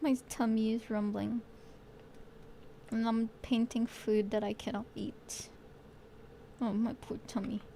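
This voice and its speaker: A woman's voice: on the high side, little pitch movement, slow, vocal fry, long pauses, dark tone, a little hiss or hum. A woman streaming as a vtuber while she paints, chatting playfully with her viewers and swearing casually. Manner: playful, swears casually, muses aloud to chat.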